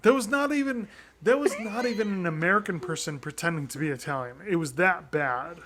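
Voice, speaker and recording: Man, slightly high voice, casual podcast chat, rambling, lots of restarts. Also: a little fast, crowd noise. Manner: rambling, full of restarts and fillers. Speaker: podcast co-host.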